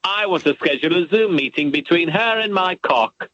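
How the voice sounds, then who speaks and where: A man's voice: high-pitched, lively intonation, normal speed, fairly bright tone, dry recording. A man doing a smug, crude judge impression. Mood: snide mocking. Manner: snide, boastful, vulgar taunts. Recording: dull lo-fi radio clip.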